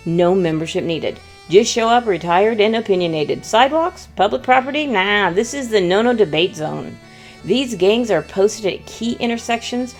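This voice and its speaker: A woman's voice: mid-range voice, a little mellow. Playful American woman vlogging. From United States. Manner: playful, mock-dramatic storytelling. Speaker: vlog host. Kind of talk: humorous travel vlog narration.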